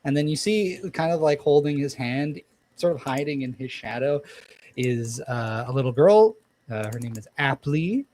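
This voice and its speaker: A man's voice: mid-range voice, expressive, normal speed, a little mellow. A man running a tabletop roleplaying game, narrating scenes and calling for dice rolls in a medium voice. He meanders through descriptions, stopping and restarting his sentences with lots of ums. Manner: rambling, many ums and restarts. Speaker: game master.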